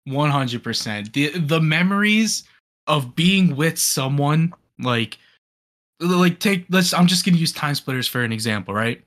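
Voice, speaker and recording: A man's voice: fairly high pitch, lively intonation, measured pace, a bit bright. A man in his late twenties chatting casually on a podcast, enthusiastic and full of fillers and restarts. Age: 20s. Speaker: podcast co-host. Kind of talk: casual chat.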